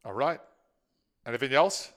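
A man's voice: medium pitch, lively intonation, measured pace, fairly bright tone. A man in casual chat, adding brief interjections.

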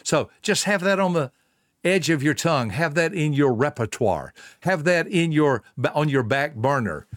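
A middle-aged man, giving a folksy motivational talk. He tells stories, repeats words for emphasis and drops into soft, low tones. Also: lively intonation, moderate pace, dry recording, clean studio sound. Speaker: speaker on a self-help talk.

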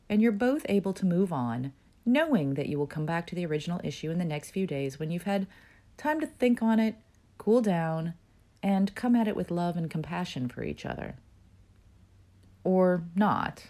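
A woman reading aloud a piece she wrote, in a frank, wry and expressive way. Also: fairly low pitch. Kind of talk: reading her own written piece aloud.

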